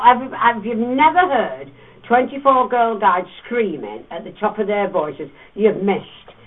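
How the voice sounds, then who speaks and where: High-pitched with a breathy edge, this man leads visitors through a cave as a playful, teasing storyteller who performs animated voices. His audio comes across far off and tinny, as if over a phone.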